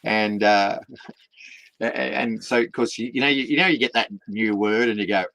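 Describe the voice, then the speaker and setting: A man's voice: on the low side, moderate pace, vocal fry, fairly bright tone, low-quality recording. An Australian man in his fifties, a guest in an interview, talking with passion, repeating words and pushing his point with rising emphasis. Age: 50s. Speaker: guest, community partnerships founder.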